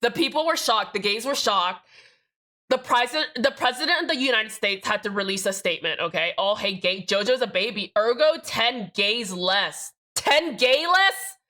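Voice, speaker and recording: A young woman streaming live, chatting with viewers in a loud, excitable, jokey and rambling way. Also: mid-range voice, moderate pace. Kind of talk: casual live-stream chat.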